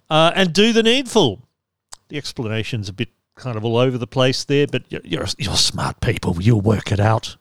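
A man's voice: medium pitch, sing-song, moderate pace, fairly bright tone, no echo. A man hosting a podcast, chatty and wry, reading out thanks and announcements. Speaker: podcast host.

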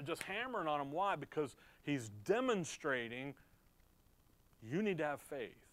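A man preaching in a conversational Bible-teaching style. He asks his own questions and answers them, and swings between emphatic stresses and quiet asides. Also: fairly high pitch, lively intonation, measured pace, dry recording. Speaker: pastor.

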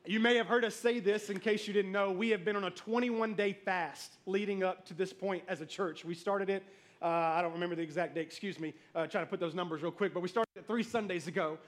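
A man's voice: high-pitched, fairly quick. A man in his thirties preaching a sermon as pastor, telling stories and calling out to the congregation. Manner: storytelling, animated, calls out to the congregation.

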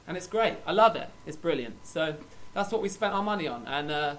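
Cheeky male co-host with a slightly raised pitch. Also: lively intonation, a little fast, a bit bright. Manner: cheeky, echoes his co-host. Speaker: podcast co-host. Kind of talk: absurdist comedy podcast chat.

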